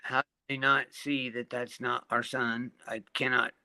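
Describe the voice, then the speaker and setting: A man's voice: mid-range voice, level tone, unhurried, sharp tone, clean tone, dry recording. A man co-hosting a live panel chat, blunt and exasperated, swearing freely. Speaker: panel co-host. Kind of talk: casual chat.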